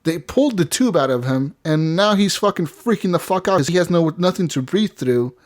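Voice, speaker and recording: A man's voice: high voice, expressive, fairly quick. A man co-hosting a gaming podcast, telling a long story in casual chat, swearing often and acting out what people said. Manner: rambling storyteller, swears a lot, acts out quoted voices. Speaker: podcast co-host.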